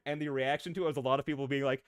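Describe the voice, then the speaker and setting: A man streaming as a VTuber, chatting casually with his viewers in an excitable, rambling way, drifting off on tangents and laughing often. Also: medium pitch, very fast, smooth, no echo. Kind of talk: casual live-stream chat, answering viewers.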